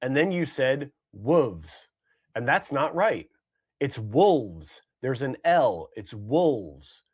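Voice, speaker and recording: A man's voice: mid-range voice, animated, a little slow. Man co-hosting, rambling and hedging. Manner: rambling, hedging with fillers and repeats. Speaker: podcast co-host. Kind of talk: casual comedic chat.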